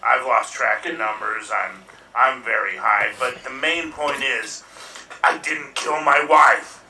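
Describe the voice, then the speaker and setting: A man doing an improv impression of a stoned, grumpy older film actor giving a rambling, deadpan best man speech. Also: medium pitch, a little slow, a little hiss or hum. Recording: roomy distant mic.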